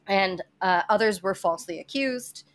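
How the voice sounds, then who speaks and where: A woman hosts a history podcast, telling a story in a casual, chatty style with lots of fillers, restarts and the occasional swear word. Her voice is mid-range and her speed normal.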